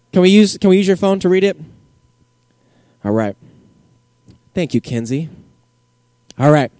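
A man giving a joking, energetic youth group sermon in casual slang, as a youth pastor. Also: high voice, clear, resonant tone, no echo, clean studio sound.

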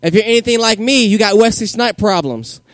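Energetic high-voiced man preaching to youth. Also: a little fast, no echo, clean studio sound. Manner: joking, energetic, slangy. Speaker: youth pastor. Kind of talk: youth group sermon.

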